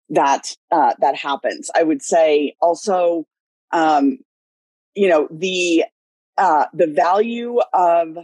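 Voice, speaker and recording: A woman's voice: low-pitched, darkish tone, breathy edge, no room sound. A woman, a legislative director, talking candidly in long winding sentences during a webinar discussion over a video call.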